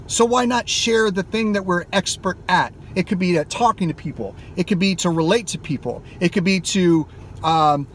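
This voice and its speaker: The car vlog continues as this gaming YouTuber rants hotly and curses without restraint. His voice sits high, and a little hiss or hum runs through the clip.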